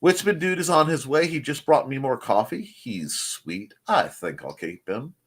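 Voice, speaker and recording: A man's voice: mid-range voice, sing-song, normal speed, slightly rough. Guy hosting a morning livestream, reading chat, rambly and jokey, voice bounces up and down a lot. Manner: rambling, self-deprecating, jokey asides. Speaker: host of a live morning show. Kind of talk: casual live-stream chat reading comments.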